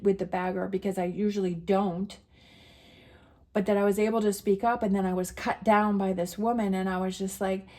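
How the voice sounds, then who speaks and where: A woman's voice: medium pitch, level tone, normal speed, a little mellow. A middle-aged woman telling a personal story in a casual, emotional, rambling way, with many restarts. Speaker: tarot reader sharing a personal story.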